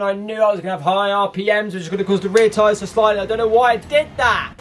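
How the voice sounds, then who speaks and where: A man commenting on a racing game while he plays, excitable and quick to burst into frustrated shouts. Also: sits high, slight background noise. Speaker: gaming YouTuber.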